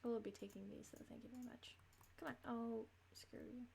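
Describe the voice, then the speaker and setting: A woman's voice: on the high side, steady tone, brisk, vocal fry, darkish tone, slight background noise. A woman streamer giving casual, rambling gameplay commentary, laughing between thoughts.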